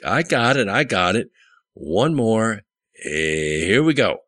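A man's voice: fairly low pitch, sing-song, slow, a bit bright, dry recording, voice pushed up, full character voice. A man reading an audiobook, voicing a brash young male getaway driver who talks in a whiny, pressured way. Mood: urgent. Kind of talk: audiobook character voice.

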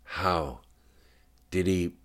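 A man with a very deep voice voicing a sarcastic young pregnant woman just woken in a hospital bed. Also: drawn-out words. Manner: sarcastic, insistent.

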